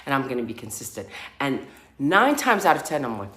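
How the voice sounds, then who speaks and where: Very low-voiced woman telling a story. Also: a little fast. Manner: animated, acts out sounds and laughter. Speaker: spiritual healer. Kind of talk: casual storytelling to camera. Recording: echoey room with faint noise.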